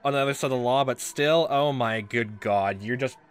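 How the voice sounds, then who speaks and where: A man's voice: mid-range voice, brisk, smooth. A man giving casual let's play commentary, rambling and exasperated, full of fillers and swearing.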